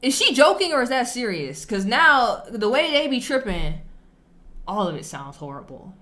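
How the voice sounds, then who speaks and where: A woman hosting her own reaction video. She tells stories casually in slang and with emphasis. Her voice is bright and forceful, and it swings widely in pitch. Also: normal speed. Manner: animated storytelling, slangy and emphatic.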